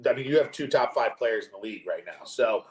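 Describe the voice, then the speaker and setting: A young man hosting a podcast in casual chat, animated, jokey and swearing freely. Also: on the low side, fast talker. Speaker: podcast host. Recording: roomy echo.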